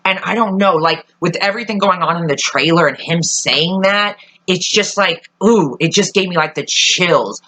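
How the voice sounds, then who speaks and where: A woman talks casually to camera with a bright, forward voice. She rambles, swears freely and often loses the thread, then picks it up again. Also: fairly low pitch, normal speed, hardly any pauses, rough recording. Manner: chatty, swears often, trails off and restarts. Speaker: vlogger reviewing a TV trailer. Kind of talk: casual chat.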